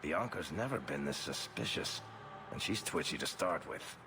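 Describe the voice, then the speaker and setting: A man's voice: very deep voice, expressive, moderate pace, background noise. An actor playing a wry male dwarf storyteller in a fantasy game, dry and offhand.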